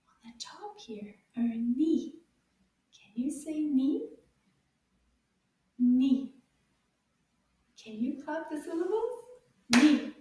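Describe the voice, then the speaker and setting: A woman teaching French to young children, saying words slowly and clearly and giving cheerful praise. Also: sits high, dark tone. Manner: slow, exaggerated repeating of words for children. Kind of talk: kids' language lesson. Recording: echoey room, voice far from the mic.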